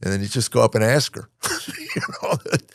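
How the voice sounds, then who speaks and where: A man with a deep, gravelly voice chats as a podcast host. He talks in halting bursts full of fillers and restarts. The sound is close and dry, with no room around it. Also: no echo. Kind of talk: casual chat.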